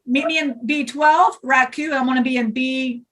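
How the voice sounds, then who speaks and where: A woman's voice: high voice, fairly even intonation, normal speed, a bit bright, distant mic. A woman channeling a rowdy joking male spirit. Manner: boisterous, rambling, joking.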